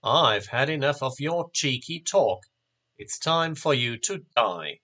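A man's voice: mid-range voice, animated, slow pace, bright, forceful tone, exaggerated voice. A man doing a smarmy stage magician. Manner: smarmy, cross. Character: scheming young male stage magician.

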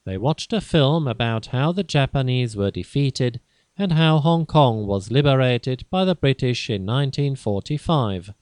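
A man narrating a simple graded-reader story in a slow, careful, even way. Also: mid-range voice, no room sound.

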